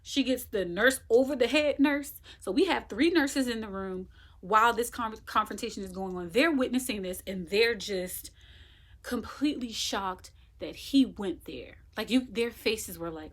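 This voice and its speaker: A woman's voice: medium pitch, a little slow, fairly bright tone. A woman casually telling a personal story, retelling it emphatically and acting out what people said. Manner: emphatic, vivid retelling that acts out quoted dialogue. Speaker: woman sharing her birth story.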